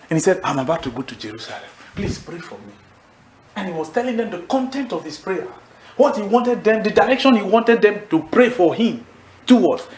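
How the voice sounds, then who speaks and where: A man with a high, lively voice preaches a sermon in an echoey church hall. He calls out questions and pauses for the congregation to answer back. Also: slight background noise. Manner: animated, calls for congregation responses.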